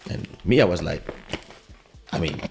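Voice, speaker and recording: A man's voice: low voice, animated, measured pace, gravelly, faint music behind. A man hosting a podcast, telling a rambling personal anecdote in a loose, casual way. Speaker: podcast host. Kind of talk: casual storytelling. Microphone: studio podcast microphone.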